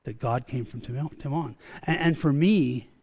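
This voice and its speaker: A man's voice: mid-range voice, moderate pace, a little mellow, breathy edge. A man preaching a sermon in a conversational way, often repeating and restarting words, and calling his own preaching a rant. He sounds middle-aged and speaks as the pastor of his church.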